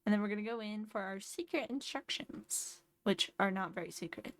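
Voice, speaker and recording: Woman, streamer, sleepy, chatty, thinks aloud, mid pitch, dry close sound. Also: normal speed, no echo. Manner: chatty, thinks aloud while playing, explains game tips. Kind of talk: casual gameplay commentary.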